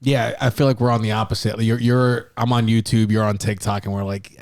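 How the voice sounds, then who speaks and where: A man from the Dominican Republic hosting a podcast in a relaxed, casual way. He laughs easily and swears loosely. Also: on the low side, fairly quick, few pauses. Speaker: podcast host. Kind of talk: casual interview chat.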